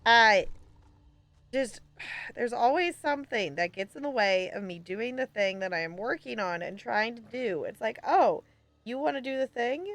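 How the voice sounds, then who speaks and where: A woman's voice: medium pitch, animated, moderate pace, fairly bright tone. A woman streaming a game, chatting bubbly and casually with her viewers as she plays. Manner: bubbly and chatty, talks to chat. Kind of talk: live gameplay commentary.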